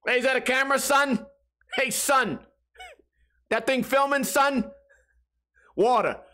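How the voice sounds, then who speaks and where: A man's voice: very high voice, measured pace, sharp tone, a little hiss or hum, pitched above the performer's own voice, full character voice. A man voicing a pushy male cop with a clumsy put-on tough-guy accent, his voice pushed well above his own. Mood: mocking. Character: mock New York cop, brash and pushy, male.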